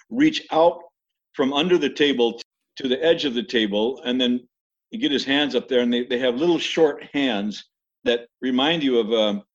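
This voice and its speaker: An older man casually recalling stories of a pet animal, rambling with restarts. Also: medium pitch. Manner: rambling, many restarts, imitates animal screams. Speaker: interviewee recalling mission life. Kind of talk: casual storytelling. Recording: dull lo-fi recording.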